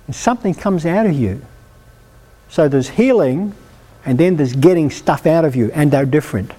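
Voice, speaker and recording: A male preacher with a fairly high voice delivers a sermon at a healing meeting. He speaks emphatically and with lively drive, pressing the congregation to act. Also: moderate pace, slightly rough. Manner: emphatic, animated, exhorting the congregation.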